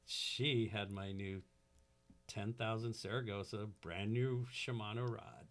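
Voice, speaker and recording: A man's voice: lowish voice, fairly even intonation, slow pace, fairly bright tone. A man who is a guest on a podcast, telling a fishing story and acting out the quotes with big jumps in his voice. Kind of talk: animated storytelling.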